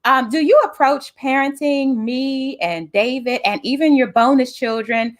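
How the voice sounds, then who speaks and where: Woman host, high voice, playful, laughs a lot, teasing, video call. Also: a little slow. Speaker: host, minister. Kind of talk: web talk show host.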